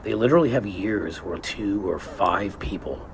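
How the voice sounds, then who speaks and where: A man's voice: lowish voice, expressive, moderate pace, creaky, background noise. A man delivering scornful, emphatic political commentary in a video.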